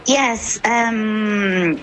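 A woman from Venezuela, a journalist, answering interview questions in a measured, steady way with soft fillers. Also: medium pitch, low-quality recording.

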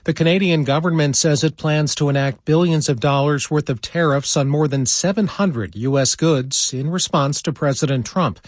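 A man reading a national radio newscast with a crisp, even delivery. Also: medium pitch, dry recording, clean studio sound.

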